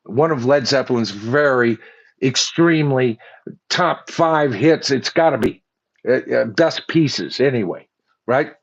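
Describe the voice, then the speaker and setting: Sarcastic older man, slow and lo-fi. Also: mid-range voice. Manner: sarcastic, mocking, reads lyrics aloud. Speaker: host. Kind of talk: opinionated commentary.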